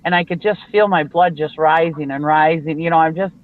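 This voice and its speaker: A woman's voice: low-pitched, fairly even intonation, fairly quick, narrow, tinny audio. A woman from Minnesota chatting bluntly on a video call, telling stories with frequent laughter. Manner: blunt, chatty storyteller who laughs often. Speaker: live show regular. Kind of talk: casual chat. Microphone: online video call.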